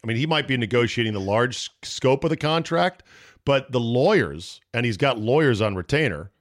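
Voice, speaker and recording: A man hosting a sports talk show, casual and profane, riffing quickly with his co-host. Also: mid-range voice, expressive. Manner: brash, profane, rapid riffing.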